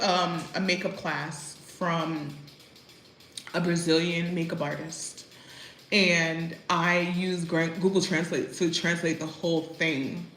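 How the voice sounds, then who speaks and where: Young American woman, chatty vlogger, bright voice in an echoey room. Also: fairly low pitch, slight background noise. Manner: chatty, laughs while telling stories, lots of fillers. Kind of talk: casual storytelling chat.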